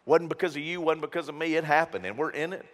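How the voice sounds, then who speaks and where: A man preaching a sermon as pastor, emphatic and animated, with jokes and stories. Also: a little high, quick pace, big-room sound. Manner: animated, emphatic, joking storyteller.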